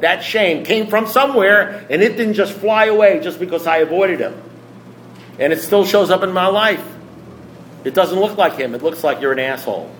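Blunt rambling man in echoey room. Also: on the high side. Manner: rambling, repetitive, blunt and self-deprecating. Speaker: speaker sharing his recovery story. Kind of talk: recovery meeting share. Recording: echoey room with faint background noise.

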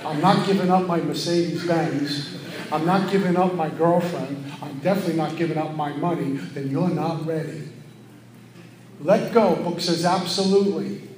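A middle-aged man giving an earnest, preachy share at a recovery meeting, often acting out his own thoughts in quick asides. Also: on the high side, background noise. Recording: echoey room with faint ambience.

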